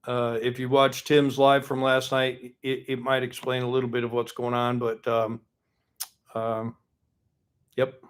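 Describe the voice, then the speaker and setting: A man's voice: mid-range voice, completely flat delivery, unhurried, clean tone. A man hosting a casual live stream, rambling, teasing and greeting viewers by name.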